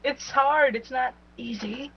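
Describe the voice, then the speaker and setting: A woman's voice: sits high, takes it slowly, dull audio, a little hiss or hum. A woman in a casual group chat, teasing the others and laughing.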